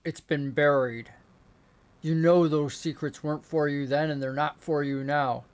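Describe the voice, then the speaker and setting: A man voicing an ancient, proud female witch bound to the land, speaking in a haughty, measured way. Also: fairly high pitch, steady tone, natural voice. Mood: defiant. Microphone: remote call setup.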